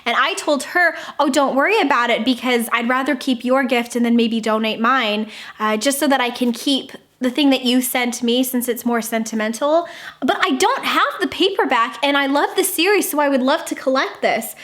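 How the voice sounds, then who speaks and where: A young woman hosting a casual unboxing vlog, gushing and excitable, with squeals and gasps. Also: high-pitched, moderate pace. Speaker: book vlogger.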